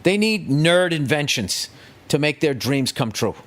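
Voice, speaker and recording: Profane ranting man, slightly high voice. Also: sing-song, measured pace. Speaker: podcast host. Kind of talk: comedic rant monologue.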